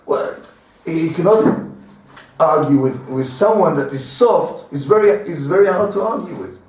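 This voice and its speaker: A man's voice: high voice, a little slow. Rabbi guy giving a casual torah class, repeats himself a lot, far off mic in a big echoey room. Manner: animated, repeats words, acts out little dialogues with laughs. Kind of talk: informal Torah lesson.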